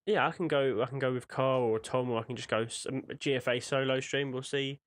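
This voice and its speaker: A man's voice: mid-range voice, fairly even intonation, brisk. A man co-hosting a podcast, chatting casually and acting out little scenes. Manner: chatty, acts out scenes in voices. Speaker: podcast co-host. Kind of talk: casual chat.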